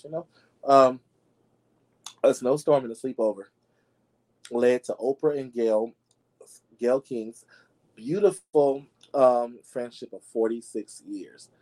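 In a sassy, dramatic podcast, a male host dishes celebrity gossip in casual commentary, addressing listeners as y'all. His voice is mellow and the recording rough, and he swoops up into high squeals to drive a point home.

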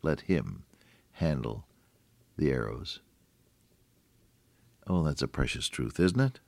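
An older man giving a folksy devotional radio sermon, talking straight to the listener and swinging between hushed lows and emphatic high points. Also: lively intonation, slow pace, creaky, dry recording. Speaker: radio preacher.

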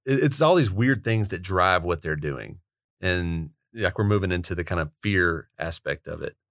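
Relaxed low-voiced male co-host. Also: normal speed, no echo, studio quality. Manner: relaxed, conversational. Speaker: podcast co-host. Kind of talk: casual book discussion.

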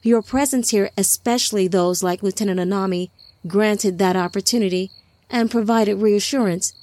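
Woman speaking as a calm, gentle divine lord. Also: mid-range voice, dry recording, natural voice. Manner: soft, measured, reassuring.

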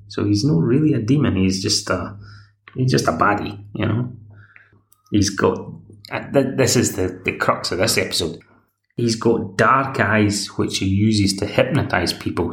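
A man's voice: on the low side, echoey room. A Scottish man hosts a podcast, recapping a TV episode in a chatty, rambling way. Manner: chatty, rambling, plays the characters' lines himself. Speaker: podcast host.

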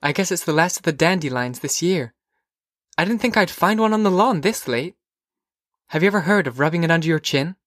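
A dreamy, teasing teenage girl, as a male narrator lifts his voice for her, asking question after question in quick, lilting bursts. The voice sits higher than the reader's own and sounds close and dry, with no room around it. She comes across as an odd, gentle character from a storybook. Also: animated, no room sound. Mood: wondering. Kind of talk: audiobook character voice.

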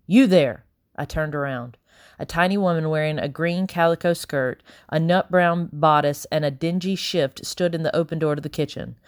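A woman narrating a novel in the first person, steady and measured. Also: low voice, clear, resonant tone, dry recording, clean studio sound. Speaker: audiobook narrator.

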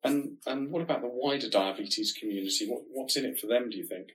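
A man with a nasal voice, co-hosting a podcast and explaining research in a measured, reassuring way. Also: medium pitch, a bit bright, low-quality recording. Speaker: diabetes research podcast co-host.

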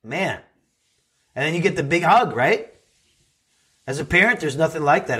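Earnest high-voiced man giving a pep talk. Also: expressive, moderate pace, bright, forceful tone, husky. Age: middle-aged. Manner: earnest, preachy, rhetorical questions to listeners. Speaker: podcast host and coach. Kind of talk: motivational talk.

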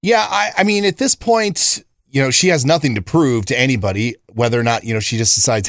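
A man co-host lays out the topic in steady, measured podcast chat, pausing on "uh" and "you know." His voice is mid-pitched, and the recording is close and dry with no room sound. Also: dry recording. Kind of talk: casual chat.

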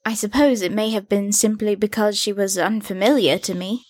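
A woman voicing a curious, steady young woman who speaks calmly and directly. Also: medium pitch, moderate pace, no echo, natural voice. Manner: calm, direct, questioning. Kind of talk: audiobook character voice.

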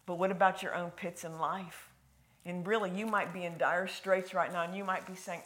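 A woman preaching a sermon in a folksy, conversational way, swinging from loud emphasis to hushed, near-whispered lines. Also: on the low side, fairly even intonation, normal speed.

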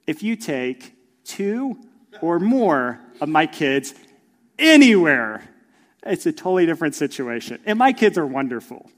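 Man preaching in a big echoey church, high voice, takes his time. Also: measured pace. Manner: animated preaching, acts out voices of his kids. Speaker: pastor. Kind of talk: sermon.

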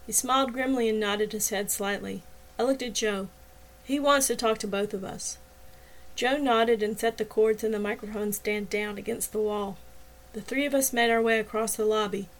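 A woman reading her own novel aloud as an audiobook, in clear, steady first-person narration. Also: fairly high pitch.

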